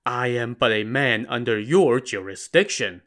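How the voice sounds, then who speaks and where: A man's voice: mid-range voice, animated, measured pace, a bit bright. A man voicing a timid, deferential old village man who speaks meekly and humbly. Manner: meek and humble.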